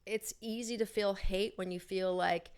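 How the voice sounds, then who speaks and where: A woman's voice: mid-range voice, steady tone, normal speed, darkish tone, smooth. A middle-aged woman co-hosting a casual chat and telling a story with many fillers and restarts. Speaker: podcast co-host.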